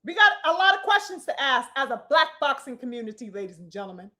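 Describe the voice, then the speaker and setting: A woman's voice: high voice, very animated, fast, pushed and bright. A woman giving a preachy, profane boxing rant full of rhetorical questions and elaborate words. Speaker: boxing commentator. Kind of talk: ranting commentary.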